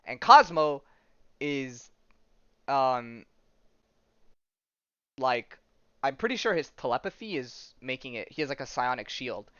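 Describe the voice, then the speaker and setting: Male podcast host, smooth voice, loose rambling delivery, dry slightly muffled mic. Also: medium pitch, very animated, slow pace, long pauses, fairly bright tone, no echo. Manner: rambling, laid-back, laughs at his own jokes. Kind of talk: casual chat retelling a comic plot.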